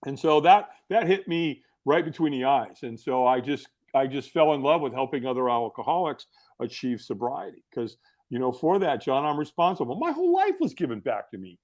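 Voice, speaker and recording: A middle-aged man telling stories as a podcast guest, in a casual, animated way full of fillers and restarts. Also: medium pitch, fairly quick. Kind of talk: casual storytelling.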